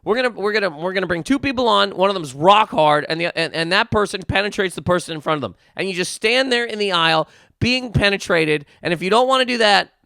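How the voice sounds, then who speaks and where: A man's voice: sits high, creaky, sharp tone, dry recording, clean studio sound. A man hosting a podcast, delivering a heated, profane comedic rant full of restarts and repeated words. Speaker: podcast host.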